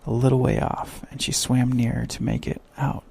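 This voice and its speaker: A man narrating a sleep story with slow, soft bedtime reading. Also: medium pitch, little pitch movement, gravelly, a little hiss or hum.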